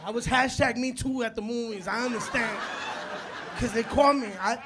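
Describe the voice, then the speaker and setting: A man in his forties doing a stand-up comedy set on a club stage, telling animated stories, acting out quotes and working the crowd. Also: very high-pitched, moderate pace, noisy background. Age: 40s. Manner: animated storytelling, acts out quotes, works the crowd. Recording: live club recording with loud crowd laughter. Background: audience laughter.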